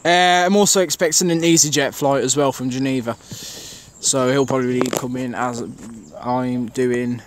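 A man's voice: mid-range voice, steady tone, a little slow, hardly any pauses, background noise. A man filming trains on an outdoor station platform, giving a rambling, casual commentary full of fillers to his camera mic. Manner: chatty, rambling, thinks aloud with many fillers.

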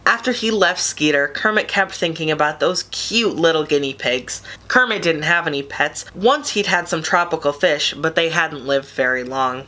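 A woman reading a children's picture book aloud in a gentle, steady storytime voice. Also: sits low, moderate pace, hardly any pauses.

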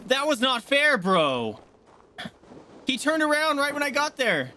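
A young man streaming a game live, swearing and panicking in excitable outbursts. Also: high voice, unhurried, long pauses, slight background noise. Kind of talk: live gameplay commentary.

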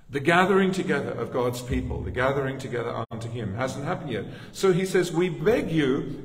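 A man with an Australian accent preaching a sermon in a conversational way, with asides to the congregation. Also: medium pitch. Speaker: pastor. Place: church sanctuary. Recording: echoey church hall, distant mic.

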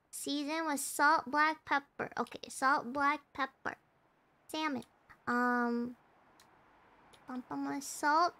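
High, bright, excitable young woman streamer. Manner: excitable, repeats herself, frantic bursts. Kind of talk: casual gaming stream commentary.

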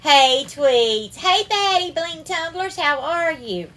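A woman's voice: extremely high pitch, lively intonation, slow pace, fairly bright tone. A woman with a Southern US accent hosting a casual cooking livestream, greeting viewers by name and calling them darling and sweetheart. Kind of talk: casual live-stream cooking chat.

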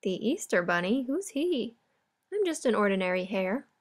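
A woman's voice: medium pitch, sing-song, normal speed. A woman voicing a friendly, cheerful brown hare in a storybook.

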